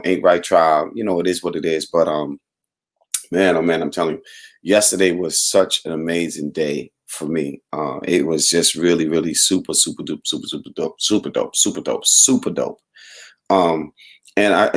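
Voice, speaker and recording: Hoarse deep-voiced man hosting a morning show. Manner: rambling, upbeat, giving shout-outs to viewers. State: hoarse, voice worn out. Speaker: host. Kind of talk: casual livestream morning show chat.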